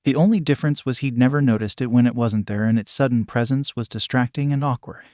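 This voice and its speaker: A man reading a fan fiction story aloud in a steady storytelling manner. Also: medium pitch, fast, no echo, studio quality. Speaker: narrator.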